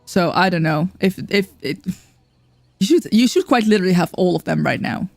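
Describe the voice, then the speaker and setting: A woman's voice: on the low side, expressive, normal speed, creaky, darkish tone, no room sound. A woman streaming a game, chatting casually with viewers by name and cooing at her cat from her computer chair. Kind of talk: casual live-stream chat.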